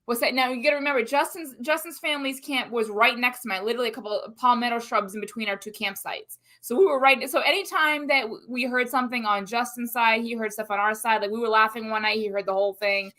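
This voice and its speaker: Lively potty-mouthed woman telling a story, crisp bright voice. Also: on the high side, quick pace, few pauses. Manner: animated, profane storyteller. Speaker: co-host. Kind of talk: casual live-stream chat. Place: Central Florida.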